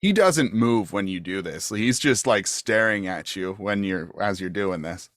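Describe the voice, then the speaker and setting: A man running a tabletop game as game master over a video call, talking haltingly with many fillers and restarts. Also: on the low side, lively intonation, a bit bright, no echo, clean studio sound.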